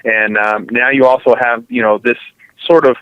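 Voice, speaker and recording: A man's voice: mid-range voice, steady tone, normal speed, smooth, no room sound. A man co-hosting a political talk show, reporting news in a dry, matter-of-fact way. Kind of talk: casual political talk radio. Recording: dry, dull lo-fi sound.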